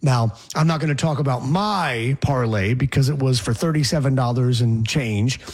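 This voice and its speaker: A man's voice: medium pitch, moderate pace, a little mellow, husky. A man hosting a sports talk show, chatting casually with rambling, sarcastic asides.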